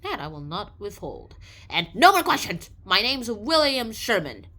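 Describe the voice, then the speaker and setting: A woman's voice: medium pitch, big pitch swings, unhurried, bright, forceful tone, full character voice. A woman playing a stubborn, haughty explorer. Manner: haughty, clipped refusals. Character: stubborn proud male balloon explorer, grown man.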